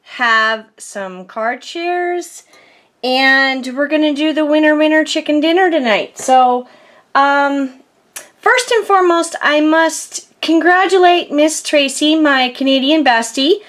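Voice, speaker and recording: A woman's voice: sits high, slow pace, a bit bright. A woman vlogger chatting casually through a crafting haul, rambling with lots of fillers and giggles, nursing a sore back. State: sore back, groans a little.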